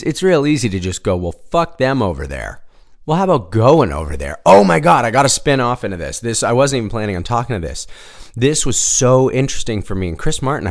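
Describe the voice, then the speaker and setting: A man with a lowish voice that swings widely up and down as he tells a story solo. He rambles, trips over his own restarts and drops the odd curse, all in loose, casual chat. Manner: rambling, animated, with frequent restarts and swearing.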